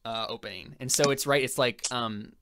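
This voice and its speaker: Young male game master, casual filler-heavy narrator, average pitch. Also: bright, forceful tone, slight background noise. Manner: halting, filler-heavy storytelling.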